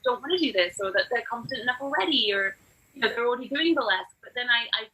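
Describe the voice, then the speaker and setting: A woman who teaches burlesque, chatting in a casual podcast interview and acting out quotes in lively voices. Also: a little high, fast talker, husky, rough recording. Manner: animated, acts out quotes in different voices.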